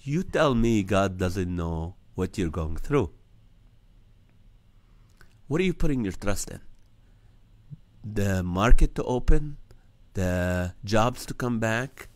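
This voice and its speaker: Man, comedian host, earnest storyteller, low voice, dry sound. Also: takes it slowly, pauses often, no room sound. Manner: earnest, animated storytelling with acted-out dialogue. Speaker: comedian hosting a nightly live stream. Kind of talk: storytelling testimony to a live audience.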